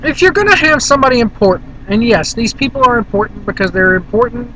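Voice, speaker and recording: A man's voice: very high-pitched, animated, quick pace, bright, forceful tone, a little hiss or hum, poor audio. A man from Virginia rambling casually and bluntly to the camera in a vlog, filmed on a handheld camera in a car. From Virginia, USA. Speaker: vlogger.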